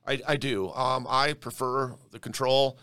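A man's voice: mid-range voice, flat delivery, measured pace, bright, forceful tone, smooth, no room sound. A man who flips houses, being interviewed on a podcast, talking emphatically and often repeating words as he starts a thought. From Denver area. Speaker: real estate investor guest.

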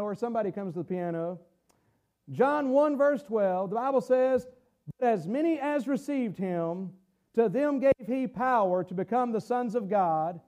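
A middle-aged male pastor with a strikingly high voice delivers an emphatic sermon. He repeats his phrases and at times climbs to a shout. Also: lo-fi sound.

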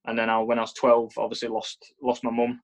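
A man's voice: mid-range voice, monotone, a little fast. A young man with an English accent, a footballer answering interview questions earnestly, often repeating and restarting his words. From England. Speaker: professional footballer, interview guest.

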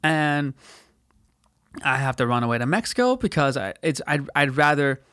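A man's voice: fairly high pitch, very animated, normal speed, pushed and bright, clean tone, dry recording. Man, podcast host, rambling profane story, slangy, dry close sound. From United States. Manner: profane, slangy, dramatizes quotes with put-on voices. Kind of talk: casual storytelling monologue.

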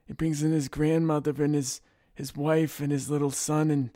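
A man doing an impression of a menacing older army colonel, talking slowly and mumbling, repeating the listener's name. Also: fairly high pitch, flat delivery, dark tone, no echo, studio quality, lightly acted. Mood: brooding deadpan. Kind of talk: comedic impression on a podcast.

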